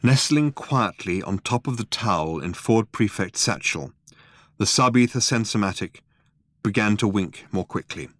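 A man narrating a comic novel in a wry, expressive way. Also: lowish voice, moderate pace, no room sound. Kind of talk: audiobook narration.

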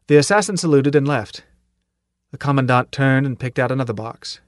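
A man reading an audiobook in measured, even storytelling narration. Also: medium pitch, no echo, clean studio sound. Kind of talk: scripted narration.

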